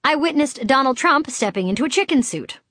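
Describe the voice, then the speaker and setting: A woman's voice: high voice, animated, brisk, a bit bright, no room sound. Brief: middle-aged woman from Boston, audiobook memoir, wry and candid, dry close-miked sound. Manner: wry, candid, comic timing. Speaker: author narrating her memoir.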